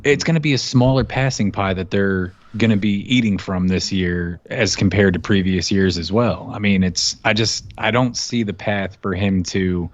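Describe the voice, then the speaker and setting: A brash man with a lowish voice, teasing his co-hosts in casual podcast banter. His mic sounds dull and lo-fi, and the room is completely dry with no echo. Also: steady tone, normal speed, hardly any pauses. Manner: brash, teasing, talks in bursts with slang. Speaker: podcast co-host. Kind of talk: casual banter about fantasy football.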